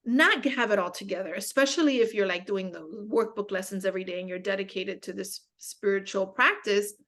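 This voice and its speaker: A woman's voice: medium pitch, a little fast, fairly bright tone. A young woman speaking as a guest in a casual spiritual conversation, telling stories candidly with self-mocking humor and many fillers.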